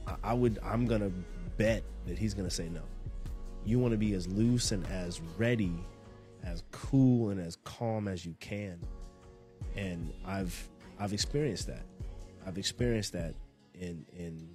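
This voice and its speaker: Laid-back rambling man, low voice. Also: a little slow, warm tone, soft background music. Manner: rambling, repeats and restarts phrases, laid-back. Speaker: podcast host. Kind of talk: casual motivational monologue.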